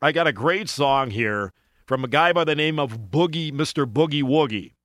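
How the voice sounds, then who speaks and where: A man's voice: on the high side, moderate pace, a bit bright, dry recording, clean studio sound. A man hosting a car-culture radio show, introducing songs in a chatty, folksy way with casual asides.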